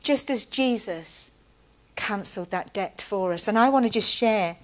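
A woman delivering a church sermon at a medium pitch. Her pace is deliberate, and she slows sharply to weigh important words. Casual asides soften her teaching. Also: lively intonation, low-quality recording. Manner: measured, slows to stress key words. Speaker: preacher.

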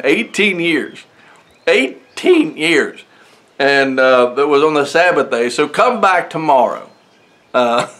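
A man's voice: medium pitch, fairly bright tone. A man preaching in church, reading Bible verses aloud and explaining them in a loose, conversational way with frequent chuckles and fillers. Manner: conversational, chuckles often, many fillers and restarts. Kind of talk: casual sermon with Bible reading. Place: church sanctuary.

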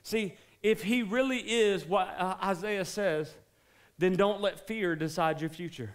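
A pastor, preaching a sermon in a joking, conversational way that builds to fervent exhortation. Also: male voice, high-pitched, a little slow. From South Carolina, US.

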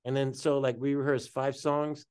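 Animated slangy man telling a story. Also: medium pitch, moderate pace, clear, resonant tone. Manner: animated, slangy, swears freely. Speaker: guest artist. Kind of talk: casual storytelling.

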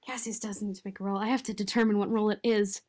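A woman playing a tabletop game, chatting in an animated, giggly way. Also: mid-range voice, very fast. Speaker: player. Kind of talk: casual tabletop game chat.

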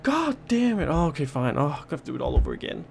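A man's voice: on the high side, sing-song, fast talker, gravelly, a little hiss or hum. A man giving let's play commentary, panicking, swearing and joking to himself. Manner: panicky, swearing, jokey self-talk. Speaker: game streamer.

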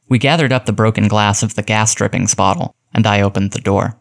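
Male audiobook narrator, measured and steady storytelling delivery, fairly low voice. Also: gravelly.

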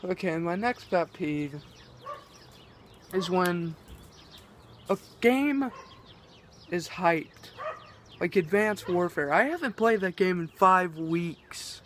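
A man's voice: high-pitched, animated, takes it slowly, pauses often, a bit bright, slight background noise. A teenage boy vlogging, rambling and exasperated as he rants, swearing often. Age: teens. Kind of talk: ranting vlog.

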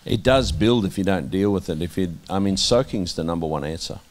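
An Australian man sharing candid testimony in an interview, earnest and halting, with many restarts and a voice that drops soft at times. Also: low voice. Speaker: interviewee, minister.

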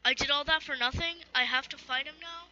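Giggly rambling streamer, very bright tone. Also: sits high, steady tone, fairly quick. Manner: rambling, giggly, self-interrupting. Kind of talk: gameplay commentary with in-game dialogue read aloud. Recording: dull lo-fi recording, faint hiss.

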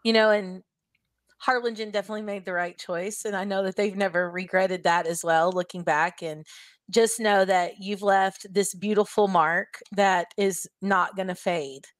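A woman's voice: medium pitch, fairly even intonation, normal speed, no room sound. A woman co-hosting a podcast, affirming the guest in an emotional, encouraging way. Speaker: podcast co-host. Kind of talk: casual chat.

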